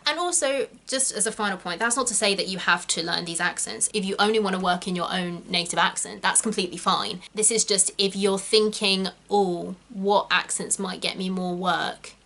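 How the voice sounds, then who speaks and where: A woman talks through acting advice in a casual vlog. Her tone is bright, and her delivery is chatty and loose, full of little "like"s and "kind of"s. She sounds like a working actor sharing tips. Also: mid-range voice, brisk, hardly any pauses.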